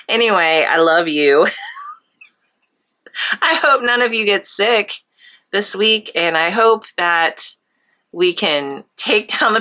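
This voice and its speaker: A woman's voice: on the low side, sharp tone. A woman artist chatting while she paints, with a nasal voice and a cold coming on, laughing often and rambling. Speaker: artist and channel host. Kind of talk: casual chat while painting.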